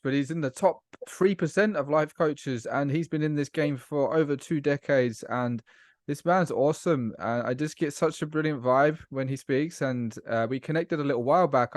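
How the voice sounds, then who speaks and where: A man's voice: mid-range voice, dry recording. A British man hosts a podcast and greets his guest eagerly. He is recorded dry and close, with almost no room sound around his voice. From British Isles. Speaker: podcast host. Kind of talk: conversational podcast interview.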